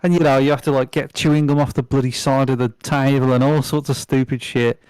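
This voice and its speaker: A man's voice: medium pitch, steady tone, brisk, darkish tone, smooth, no echo. Rambling, swearing man on a dry mic. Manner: rambling, swears freely, lots of fillers and restarts. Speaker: podcast guest. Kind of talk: casual chat.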